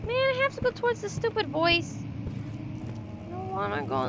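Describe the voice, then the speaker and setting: A jumpy young woman with a high voice gives casual commentary as she plays a horror game. She swears often and talks back to the screen, with clear noise running under the recording. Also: animated, moderate pace, long pauses. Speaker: gamer. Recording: noisy recording.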